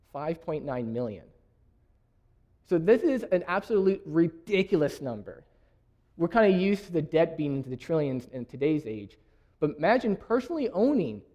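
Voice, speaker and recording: A man's voice: fairly high pitch, mellow, muffled recording. A young man from Canada giving a sermon, reading scripture aloud and laughing often. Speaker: preacher.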